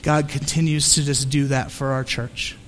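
A man's voice: medium pitch, level tone, moderate pace, fairly bright tone, in a large hall, slight background noise. A male pastor preaching a sermon, telling a story with lots of energy and frequent restarts and repeated words.

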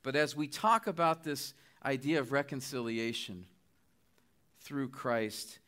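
A man's voice: mid-range voice, a little slow, bright, forceful tone. A middle-aged man preaching a sermon, earnest and pleading as he makes his appeals. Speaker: guest preacher.

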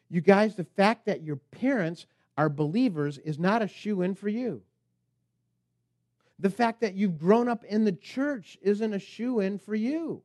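High-voiced emphatic male preacher. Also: animated, measured pace, darkish tone, dry recording, studio quality. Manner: emphatic, preacherly, voicing the tempter's lines. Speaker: pastor. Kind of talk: sermon.

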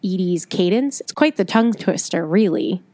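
Easygoing woman co-host, steady storyteller, dry close recording. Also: lowish voice, normal speed, no echo. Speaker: podcast co-host. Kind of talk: casual chat, reading a listener email.

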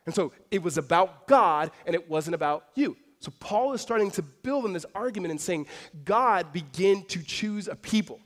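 A male pastor preaching through a scripture passage, telling the story in a lively, conversational way with casual fillers. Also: sits high, normal speed. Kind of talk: expository sermon.

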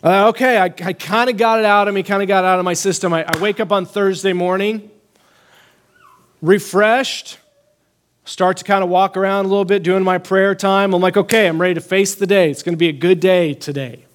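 A young adult man pastor telling a personal story in a conversational sermon, animated and rising when he proclaims scripture. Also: sits high, brisk.

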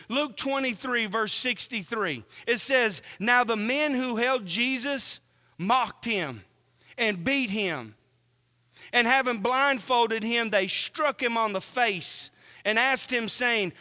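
A man preaching a sermon, slow and earnest, asking the congregation questions as he reads from scripture. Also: extremely high pitch, sharp tone, long reverb tail.

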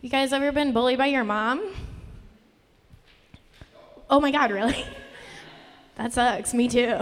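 A young woman doing a live stand-up set, nervous and rambling, self-deprecating, with a voice that always sounds on the verge of tears. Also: a little high. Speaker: stand-up comedian. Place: live comedy venue. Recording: live room with long reverb.

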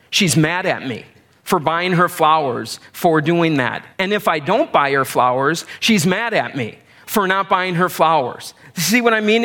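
A middle-aged man preaches in a relaxed, conversational way. His voice sits a little higher than most men's. He leans on self-deprecating humor and homely examples to make his point. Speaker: pastor. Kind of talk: sermon.

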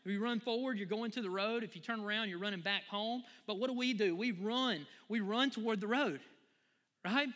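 A man preaching a sermon in a church, lively and conversational, often asking "right?" and "amen?". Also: sits high, normal speed, long reverb tail. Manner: animated preaching, builds to near shouting then drops to quiet; conversational asides with fillers like right and y'all. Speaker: pastor. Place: church sanctuary.

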